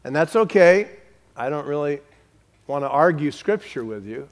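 Pastor preaching with a fairly high voice. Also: male voice, expressive. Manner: slows for emphasis, drops to a hush on key words; direct, talks to the congregation. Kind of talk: sermon.

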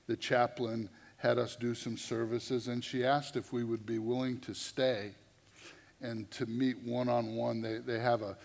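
A man preaching a sermon through a story, animated and conversational, often repeating his words. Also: medium pitch, unhurried, gravelly. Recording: long reverb of a large hall.

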